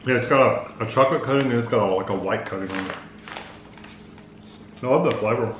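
Man co-host, easygoing snack describer, mid pitch, echoey room. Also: a little fast, highs cut off. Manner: calm, descriptive, agreeable. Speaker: co-host of food review channel. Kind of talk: casual taste-test chat. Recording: roomy with faint noise.

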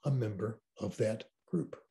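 An older man on a video call, an enthusiastic, animated storyteller in a conversational interview. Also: lowish voice, measured pace, creaky. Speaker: interview guest.

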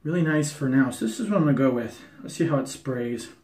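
A man's voice: medium pitch, expressive, fast, darkish tone, husky. A man with an Ohio accent, chatty and self-deprecating, doing a casual shaving review on his porch. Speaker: wet shaving YouTuber. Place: porch at home.

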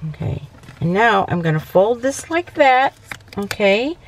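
In this relaxed crafting demo, a woman talks through a papercraft tutorial with a mid-range, very animated voice at an unhurried pace. She's chatty, corrects herself as she goes, and keeps saying "okay" to check in. There's slight hiss or hum.

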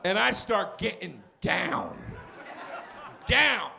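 A man tells a stand-up story on a club stage in a notably high, lively voice that jumps around as he acts out characters and shouts punchlines. The live recording carries a loud, laughing crowd and plenty of room noise. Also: unhurried. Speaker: stand-up comedian. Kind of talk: stand-up set. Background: audience laughter.

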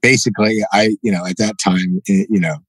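Fairly low-pitched and fairly quick, a middle-aged man tells a story as a guest on a podcast, heard through poor audio with no room sound. The jiu-jitsu black belt is animated in this casual interview, acting out the lines people said and often adding "you know" and "right?".

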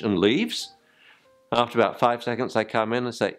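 A man's voice: medium pitch, very animated, fairly quick, faint music behind. An older man, teaching dog training informally and acting out yelps and spoken commands to dogs.

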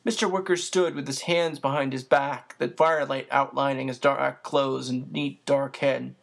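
Audiobook narrator, steady even storytelling delivery, middle-pitched voice, minor slips left in. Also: moderate pace, gravelly. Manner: steady, even storytelling with an occasional small slip. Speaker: audiobook reader.

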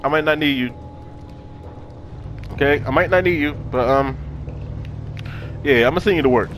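A young man hosting a let's play, chatting casually and yelling and swearing when startled. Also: on the high side, normal speed, a little hiss or hum. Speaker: gaming channel host.

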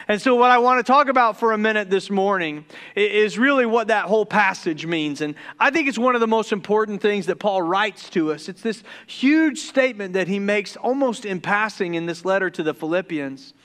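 A man from the Deep South preaching a casual, joking sermon as pastor, who stumbles over his words when excited. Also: moderate pace. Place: church sanctuary.

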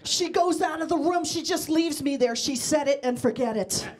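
Holding a handheld mic, a middle-aged Mexican-American comic from Mexico addresses the audience directly in a bawdy, brash stand-up routine at a comedy club. Her voice sits high at a normal pace, and the recording is full of crowd noise and laughter.

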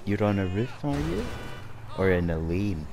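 A man's voice: sits low, big pitch swings, normal speed, background noise. A man hosting a gaming channel, giving casual gameplay commentary with dry, sarcastic muttering at a teammate.

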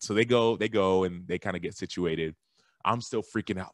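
Animated man telling a story, low voice. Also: a little fast, dry recording, clean studio sound. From Texas. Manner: animated storyteller, jumps to high excited voices when quoting himself. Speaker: guest, former football linebacker and author. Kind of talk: casual storytelling interview.

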